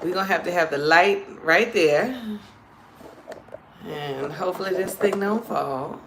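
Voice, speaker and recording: A woman's voice: lowish voice, unhurried, echoey room, background noise. A woman with a New Orleans accent, chatting casually and playfully with viewers on a live stream as a comedian host. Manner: chatty, playful, calls viewers "girl" and "child".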